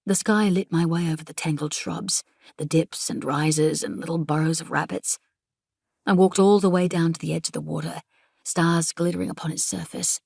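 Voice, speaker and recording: A woman reading a novel aloud in measured, intimate first-person narration on a close studio mic. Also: low-pitched, creaky, darkish tone, slightly rough, no echo. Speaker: audiobook narrator.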